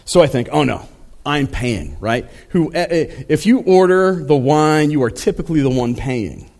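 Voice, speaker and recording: A man's voice: a little high, normal speed, darkish tone. A male pastor preaching a sermon in a conversational storytelling way, with frequent fillers and asides to the congregation.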